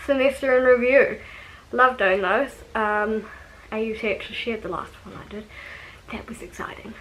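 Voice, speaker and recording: A young woman in casual vlog chat, easygoing and rambling, with plenty of fillers and small laughs. Her voice sits a touch higher than most women's. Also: steady tone, moderate pace, fairly bright tone, a little hiss or hum, low-quality recording. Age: young adult. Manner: chatty, rambling, with frequent ums and laughs. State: out of breath. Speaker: vlogger.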